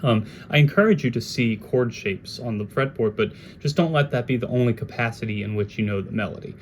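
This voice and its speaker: A man giving a casual jazz guitar lesson, talking in a relaxed, conversational way and now and then scatting melodies. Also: medium pitch, fairly quick, slight background noise.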